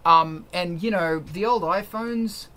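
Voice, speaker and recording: A man hosting a casual livestream chat, joking and crude, with sudden jumps in loudness. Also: high-pitched, slow pace. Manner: joking, crude, loud swings in volume. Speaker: livestream host.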